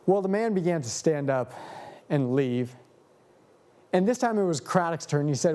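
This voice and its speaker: A male pastor telling a story in a sermon, with dramatic pauses and a storytelling manner. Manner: slow, dramatic pauses, lively pitch.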